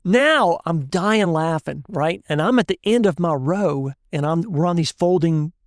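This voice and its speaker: A man, a chef and guest, telling an animated story in casual chat and laughing often. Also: fairly high pitch, unhurried, no room sound, clean studio sound. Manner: animated, laughs often, tells stories with voices.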